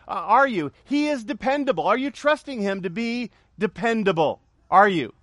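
A man's voice: high voice, animated, fairly quick, no room sound, clean studio sound. A middle-aged male pastor preaching a sermon, with emphatic repetition, joking asides and call-and-response with his congregation.

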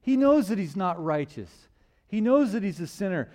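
A man preaching a sermon in church, asking rhetorical questions and swinging between loud emphasis and hushed lines. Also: sits high, sing-song, normal speed.

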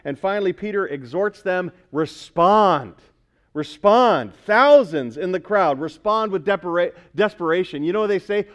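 A man's voice: sits high, animated, brisk, hardly any pauses. A male pastor preaching a sermon in a conversational way, asking the congregation questions as he goes.

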